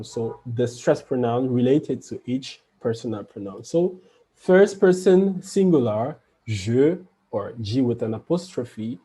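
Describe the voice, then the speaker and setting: A man leads an online French lesson at an unhurried pace. His voice is mellow and slightly husky. He says each example twice and then explains it patiently. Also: mid-range voice. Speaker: French teacher.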